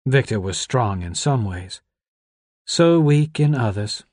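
A man reading aloud who voices a tearful young woman grieving a mentor, speaking softly with a lifted pitch. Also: animated, slow, no echo, studio quality. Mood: urgent.

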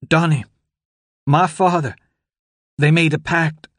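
A weak, cold and frightened young woman with a small, feeble voice, raised noticeably higher than the reader's own, as a male narrator puts her on. She talks slowly and brokenly, close and dry, as in a storybook reading. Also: fairly even intonation, fairly bright tone, no room sound. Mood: pleading.

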